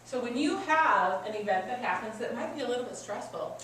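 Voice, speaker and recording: A woman's voice: on the high side, expressive, fairly quick, a bit bright, slight background noise. A woman coach giving a workshop presentation to an audience, teaching in a conversational way with personal stories. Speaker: customer service coach. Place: meeting room with an audience. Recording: echoey room from far off, faint ambience.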